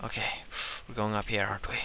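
A young man giving casual, profane gameplay commentary, jumping from low mutters to squealing shouts. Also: little pitch movement, quick pace. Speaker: gaming channel host.

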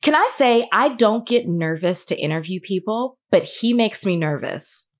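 A woman's voice: mid-range voice, expressive, moderate pace. A woman co-hosting a podcast, chatting casually and peppering her talk with "like". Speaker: podcast co-host. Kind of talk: casual chat.

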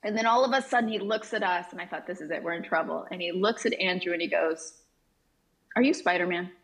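A woman's voice: on the low side, fast, rough recording. Chatty woman guest on a talk show. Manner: chatty, self-deprecating, lively. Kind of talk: casual interview storytelling. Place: television studio.

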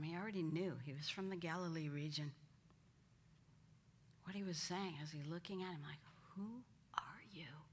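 A woman's voice: sits low, a bit bright, a little hiss or hum. A woman teaching a Bible study, acting out the quoted lines with dramatic emphasis. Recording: hall reverb.

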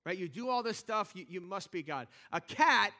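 A man's voice: high voice, lively intonation, normal speed, pushed and bright. A man preaching a sermon as pastor in a church, talking conversationally with lots of restarts and rising energy. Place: church sanctuary.

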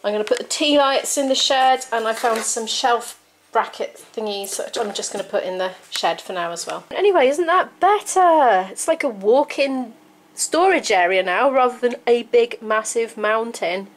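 A woman's voice: on the high side, normal speed, slight background noise. A British woman in her thirties talks through her home vlog. She chats casually and rambles a little as she tidies indoors. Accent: British English. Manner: chatty, rambling, talks while tidying. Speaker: vlogger.

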